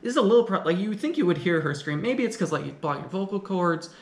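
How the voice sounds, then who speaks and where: A man's voice: sits high, animated, quick pace. A man casually recapping and commenting on an old film, talking in a loose, rambling way with frequent restarts. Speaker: film reviewer. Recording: echoey room.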